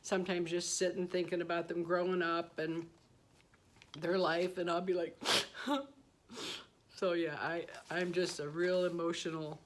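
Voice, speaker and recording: A woman in her sixties chatting casually on her vlog, self-deprecating and quick to laugh at herself, telling stories with playful asides. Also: on the low side, flat delivery, a little hiss or hum. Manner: warm storytelling with playful asides. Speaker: beauty vlogger. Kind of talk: casual personal vlog chat.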